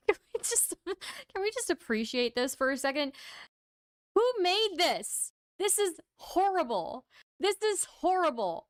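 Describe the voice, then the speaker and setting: A woman livestream host chats casually with her viewers, tired and wry, often laughing at what she says. Her voice is smooth and clear. The sound is dry and close. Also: on the high side, no echo. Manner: reads out and thanks viewer donations. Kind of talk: casual stream chat.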